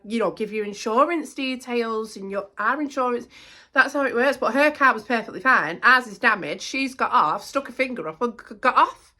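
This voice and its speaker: A middle-aged woman, talking casually to camera as a vlogger, animated and indignant, repeating herself. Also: fairly high pitch.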